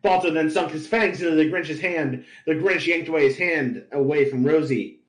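A man's voice: fairly high pitch, normal speed, reverberant, rough recording. A man hosting a podcast, narrating fan fiction with laughing, theatrical delivery at a live convention panel. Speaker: podcast host.

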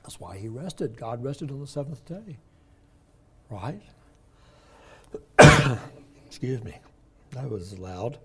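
A man's voice: mid-range voice, animated, slightly rough. Older man teaching a Bible class. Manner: conversational, explains words slowly with emphasis. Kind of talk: Bible study lesson.

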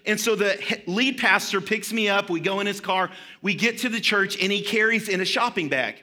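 A man's voice: high-pitched, moderate pace. A man preaching a sermon as pastor in a church sanctuary, telling stories and acting out the voices of the people in them. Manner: storytelling, animated retelling with quoted voices.

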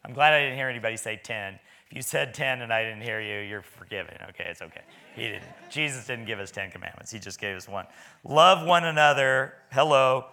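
A man's voice: lowish voice, vocal fry, pushed and bright. A man preaching a sermon in a church, talking in a folksy, conversational way with stammering restarts.

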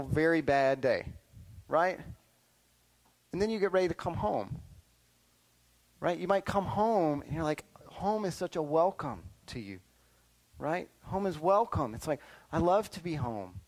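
A middle-aged male pastor preaching a sermon to young listeners, animated and checking in often with "right?" and "okay?". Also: fairly high pitch, poor audio. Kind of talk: sermon to children and youth.

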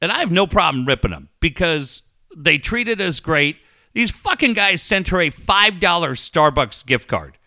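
A man with a high, bright voice that leaps around as he rants on a podcast. He swears freely and mimics other people mid-story. The delivery is casual and animated. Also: moderate pace, dry recording, clean studio sound. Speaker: podcast host. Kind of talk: casual profane podcast chat.

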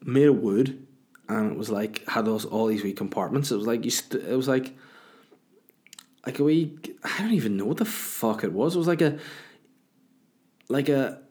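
A man's voice: mid-range voice, normal speed, long pauses, darkish tone. A young man chatting casually on his solo podcast, telling crude, joking stories and swearing freely. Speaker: podcast host.

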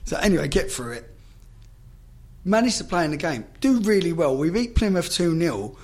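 A man's voice: a little high, sing-song, moderate pace, darkish tone. A man, a former footballer, telling stories in casual chat, swearing freely and acting out the dialogue.

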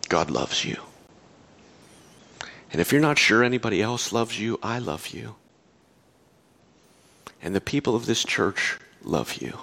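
Man preaching with rising passion. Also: on the low side. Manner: builds from quiet storytelling to impassioned preaching, then drops to soft hushed tones. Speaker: pastor. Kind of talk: sermon.

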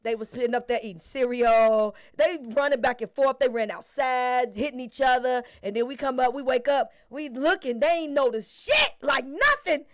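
High-voiced woman telling stories, laughing. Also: moderate pace, hardly any pauses. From Chicago. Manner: laughing, animated storytelling. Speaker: podcast co-host. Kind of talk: casual storytelling chat.

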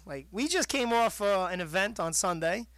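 Bright, jokey New host. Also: male voice, high-pitched, lively intonation, moderate pace, no echo. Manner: rambling, jokey, laughs a lot. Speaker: radio show host. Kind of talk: casual chat.

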